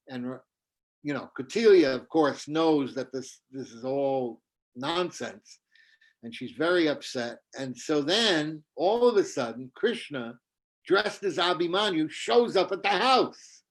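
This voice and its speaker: A man's voice: a little high, a little slow. A man, a spiritual teacher, telling a devotional story over a video call and acting out its characters. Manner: animated storytelling, acts out voices.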